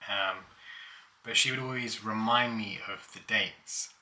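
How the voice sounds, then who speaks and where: A man's voice: fairly low pitch, steady tone, a little slow, sharp tone. A young man casually telling childhood stories, laughing as he goes. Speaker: vlogger. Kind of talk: casual storytelling.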